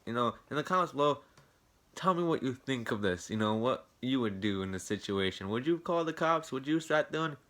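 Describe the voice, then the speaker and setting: A young man with a bright, forceful voice tells a storytime tale straight to his viewers. He rambles, swears freely and sounds indignant, circling back over the same points. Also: medium pitch, expressive, fairly quick. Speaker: vlogger. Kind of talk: casual storytime rant.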